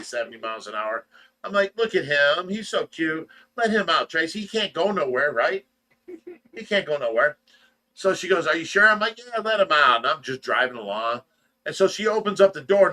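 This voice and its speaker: Midwestern American male host, high and bright, tells stories loudly and animatedly on a casual livestream. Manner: animated, shouts and mimics in the telling. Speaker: show host telling a story.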